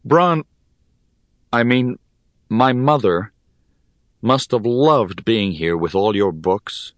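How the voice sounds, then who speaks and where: A man's voice: lowish voice, expressive, slow, no room sound, clean studio sound. A man voicing an earnest, curious young boy who asks eager questions in an audiobook. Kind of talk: audiobook character reading.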